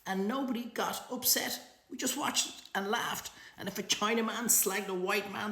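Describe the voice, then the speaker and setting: A middle-aged Irish man delivering a profane comic rant to camera, ranting in an animated, swearing way. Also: moderate pace, few pauses. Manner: profane, animated ranting with big pitch swings. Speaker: social media comedian. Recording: roomy echo.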